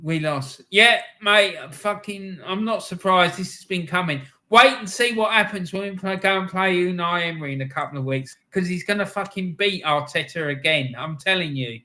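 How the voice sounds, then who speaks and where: A middle-aged man hosts a live match-day stream in a fairly high voice, ranting and shouting with heavy swearing. His tone is bright and forceful, and he breaks off to read chat messages aloud. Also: moderate pace, few pauses.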